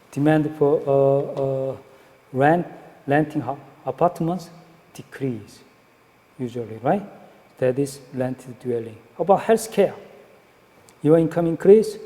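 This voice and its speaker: A man's voice: fairly high pitch, mellow. Man lecturing in an echoey hall. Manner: halting, frequent fillers and checks like "right?". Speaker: economics lecturer. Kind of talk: classroom lecture.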